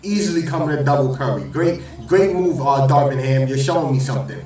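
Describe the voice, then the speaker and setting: A man hosting a basketball reaction video, talking loud and profane trash talk and repeating his lines. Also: medium pitch, a little fast, very echoey, recorded from a distance, low-quality recording. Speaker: reaction channel host. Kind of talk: excited basketball reaction commentary.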